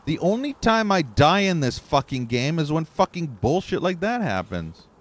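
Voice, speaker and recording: A man streaming gameplay commentates live in a sing-song voice on the high side, at normal speed. He gets frustrated quickly, cursing and ranting at the game.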